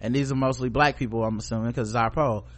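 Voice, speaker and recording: A man's voice: medium pitch, steady tone, fast. A man co-hosting a podcast in casual chat, giving blunt, profane, opinionated commentary. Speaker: podcast co-host.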